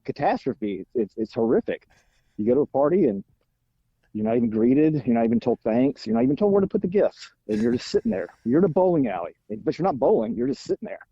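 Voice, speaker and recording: A middle-aged man with a drawl tells stories with a lively, bouncing pitch and a mellow tone. He is wry and a little exasperated. His voice sounds dull and lo-fi, as if it were recorded on a phone. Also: vocal fry, slightly rough, no echo. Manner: animated, self-deprecating storyteller with rising exasperation. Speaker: podcast guest. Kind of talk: casual chat. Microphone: phone while out walking.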